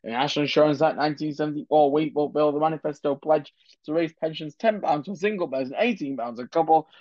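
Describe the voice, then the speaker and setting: A man's voice: on the high side, fast talker, darkish tone, dry recording, lo-fi sound, close to an everyday voice. A man doing an impression of a boastful middle-aged male prime minister who reels off a list of his achievements and stumbles over the words.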